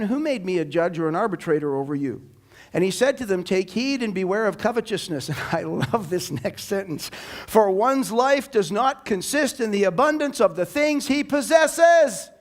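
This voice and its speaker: A man with a strikingly high voice delivers a church sermon. His preaching is animated and emphatic, with sudden loud bursts for emphasis. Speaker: pastor.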